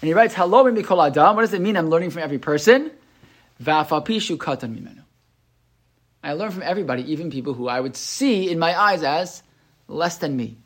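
A man's voice: fairly high pitch, expressive, a little fast, a bit bright. A man teaching a Torah class, talking casually with many restarts and translating Hebrew texts as he goes. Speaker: yeshiva teacher. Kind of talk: Torah class with source sheet.

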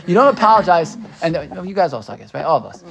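Leading a lively, interactive Torah lesson, this man keeps checking in with the people listening and sprinkles Hebrew words through his English. He talks fast, his pitch is on the high side, and there's vocal fry in his voice.

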